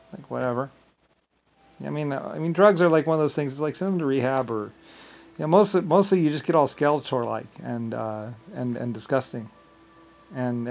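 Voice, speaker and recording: A man's voice: mid-range voice, poor audio. A man talking in a casual, rambling monologue, often stumbling and repeating words as he restarts his sentences.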